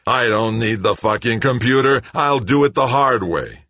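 A man voicing a manic, vengeful male saboteur who shouts, roars and gloats. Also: sits low, big pitch swings, fairly quick, husky, dry recording, heavily acted.

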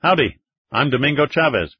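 A man's voice: mid-range voice, expressive, normal speed, husky, no room sound, highs cut off, pitched above the performer's own voice. A man voicing a cocky American soldier who jokes and swears in an audiobook. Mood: teasing. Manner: brash, joking, swearing. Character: wry, cocky American soldier, short team leader.

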